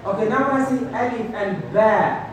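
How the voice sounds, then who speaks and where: A man teaching a tajweed class, drilling letters loudly for the students to repeat, then explaining softly. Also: sits high, animated, moderate pace, noisy background. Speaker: Quran recitation teacher. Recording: echoey room from far off.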